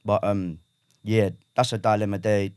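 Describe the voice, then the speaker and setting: A man's voice: lowish voice, flat delivery, moderate pace, darkish tone, clear, resonant tone, no room sound, studio quality. A man, chatting frankly as a podcast guest, rambling with fillers like "obviously". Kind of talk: casual chat. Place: podcast studio.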